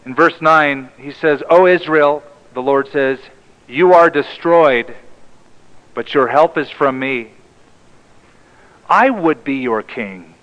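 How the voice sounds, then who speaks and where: A male pastor preaching a sermon in an emphatic way, often dropping to a hushed tone for the key lines. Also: on the high side, lo-fi sound.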